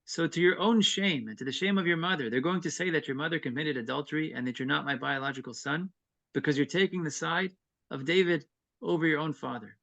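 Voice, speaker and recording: A man's voice: fairly high pitch, fast talker, vocal fry, a bit bright. A man teaching an evening text-study class, reading Hebrew verses and then explaining them earnestly. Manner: earnest and explanatory, with brief chuckles.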